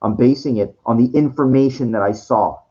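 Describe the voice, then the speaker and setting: A man's voice: mid-range voice, moderate pace, mellow. Rambling man with a dull, lo-fi sound. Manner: rambling, restarts, swears; quoting others in acted voices. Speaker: streamer. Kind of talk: rambling monologue.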